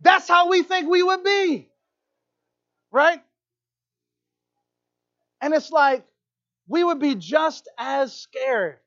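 A man preaching a sermon in a church, animated and playful, often checking in with the crowd with "right?". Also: very high voice, drawn-out words, long pauses, dull audio. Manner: animated, playful asides, keeps asking "right?". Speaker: pastor. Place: church hall.

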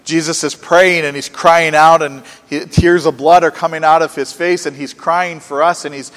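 Preacher, male, slightly high voice, earnest sermon with rhetorical questions, long hall reverb. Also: fairly even intonation, normal speed, a bit bright. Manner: earnest, rising and falling with emphasis, rhetorical questions.

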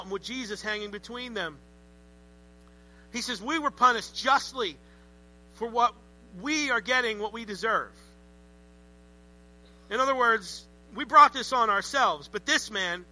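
A man preaching a sermon in a conversational, animated way with joking asides. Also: high voice, slight background noise, poor audio. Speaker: pastor.

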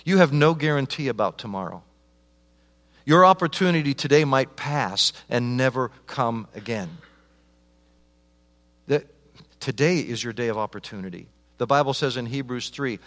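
A middle-aged man preaches in a church sanctuary, his voice trailing off in a long reverb around the hall. He drops to a hushed plea, then climbs to loud, fervent urging. His pitch sits in the ordinary middle range for a man. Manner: swings from hushed pleading to loud impassioned preaching. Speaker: pastor. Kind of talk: sermon.

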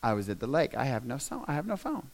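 A male pastor delivering a sermon as a humorous, conversational story that builds into loud, emphatic stretches. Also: mid-range voice, big pitch swings, fast talker, gravelly.

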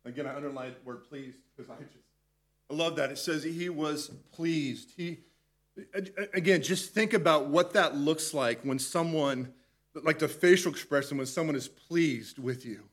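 A male pastor talks through a Bible passage in a loose, conversational way. His voice sits a little high, and he stumbles and restarts phrases as he thinks aloud. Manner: conversational, halting with repeated restarts. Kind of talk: devotional Bible teaching.

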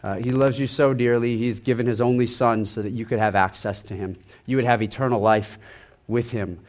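Soft-spoken male pastor preaching. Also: medium pitch, fairly even intonation, a little fast. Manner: conversational, repeats phrases, drops to soft emphasis. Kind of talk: sermon.

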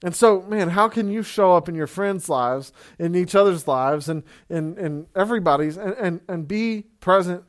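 A man with a high voice delivers a sermon in a relaxed, chatty way. He talks to his listeners like a friend, sprinkling in fillers and the word "man". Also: moderate pace, few pauses. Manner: conversational, many fillers, says "man" often. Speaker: pastor. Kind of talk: casual sermon.

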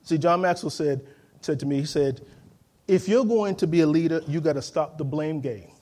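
High-voiced preacher man, emphatic. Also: moderate pace, warm tone. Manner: emphatic call-and-response preaching, acts out quoted voices. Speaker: pastor. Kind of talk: sermon.

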